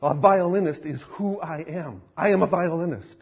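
A preacher playing a pleading young violinist. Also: male voice, fairly high pitch, normal speed, husky, dull audio. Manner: excited, pleading, stammering. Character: young male street violinist, eager then panicky.

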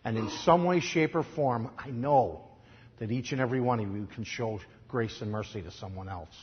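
A man with a Chicago accent preaching a sermon, telling stories in a conversational way and swinging from quiet asides to loud, emphatic lines. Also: medium pitch, moderate pace, highs cut off, a little hiss or hum. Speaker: pastor.

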